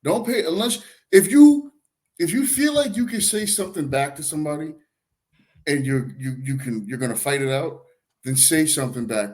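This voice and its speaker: A male podcast host telling a story in casual chat, animated, often repeating words as he starts sentences. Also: fairly high pitch, normal speed.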